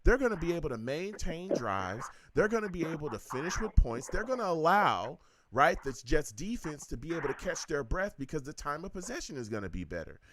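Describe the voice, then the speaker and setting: Man, call-in show host, hyped slangy talk, lively swinging pitch, fairly high voice. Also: fairly quick, few pauses, crowd noise. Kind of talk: casual call-in chat.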